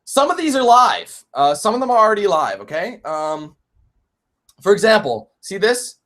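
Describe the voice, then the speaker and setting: Animated young man on a live stream. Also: high-pitched, moderate pace. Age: 20s. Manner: animated, swearing and laughing often. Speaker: YouTube gamer and streamer.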